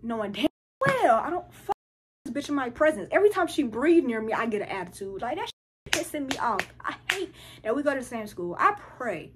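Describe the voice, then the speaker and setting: A teenage girl telling a story in casual chat, animated and full of profanity and slang. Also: fairly high pitch, brisk, a little hiss or hum. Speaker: vlogger.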